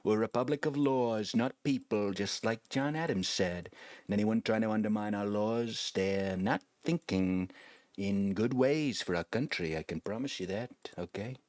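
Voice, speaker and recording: A brash older politician boasts and tags his lines with "okay?", as a man puts on the impression over a video game. The voice sits fairly low and sounds close and dry. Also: normal speed, darkish tone, no echo, lightly acted. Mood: indignant.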